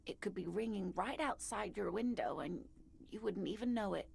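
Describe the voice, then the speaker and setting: An actress playing a gentle older woman who loves cryptids, speaking in a soft, breathy, creaky hush. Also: medium pitch, moderate pace. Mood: hushed wonder. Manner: soft, wistful storytelling. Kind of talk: game character dialogue.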